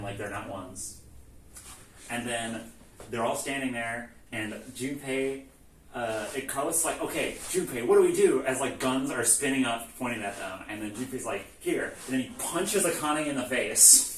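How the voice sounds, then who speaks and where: A man with a bright, mid-range voice gives a lively, casual comedic recap of a video game's plot, acting out the characters' lines with lots of swearing and laughter. The room is echoey, the mic sits far away, and there's faint noise.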